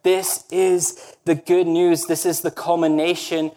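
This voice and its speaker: Earnest higher-voiced male pastor preaching. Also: level tone, measured pace, warm tone. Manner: earnest, emphatic preaching with frequent rhetorical "right?". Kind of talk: sermon.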